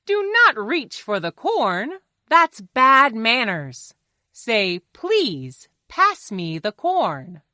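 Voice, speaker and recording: A woman's voice: mid-range voice, wildly swooping pitch, takes it slowly, dry recording, studio quality, full character voice. A woman voicing a prim, proper female fox who firmly teaches table manners in a storybook. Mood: instructive. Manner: bright, firmly instructive, overly polite.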